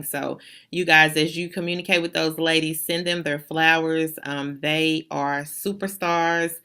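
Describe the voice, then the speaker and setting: A woman's voice: low-pitched, vocal fry. A woman school administrator, giving chatty, playful announcements on a video call. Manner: chatty, playful and warm-hearted.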